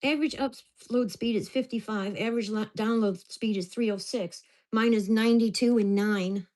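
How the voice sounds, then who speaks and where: A woman vlogging from home delivers an angry, profane rant about her neighbors. Her slightly high voice has a darkish, steady tone at a normal speed.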